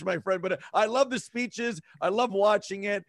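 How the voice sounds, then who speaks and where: Gravelly, high-voiced man talking hockey. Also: a little fast, dry recording, clean studio sound. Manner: enthusiastic, rambling, laughs often. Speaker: podcast co-host. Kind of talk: casual sports chat.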